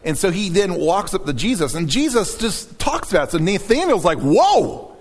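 A man preaching a sermon to his church, reading scripture aloud in a dramatic, animated way. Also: sits high, a little fast, big-room sound, soft background music. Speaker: pastor.

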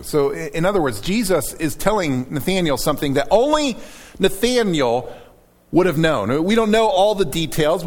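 Animated preacher with a high voice. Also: male voice, big-room sound. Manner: animated, dramatic reading of scripture. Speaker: pastor. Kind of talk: sermon.

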